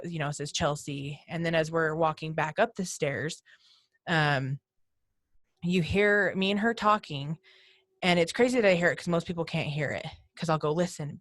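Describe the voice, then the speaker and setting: A woman's voice: low voice, normal speed, a bit bright, no echo, clean studio sound. A woman guest on a podcast, telling her ghost hunting stories in a chatty way and mimicking voices from her recordings. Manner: chatty, retells events and mimics voices heard on tape. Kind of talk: casual podcast storytelling.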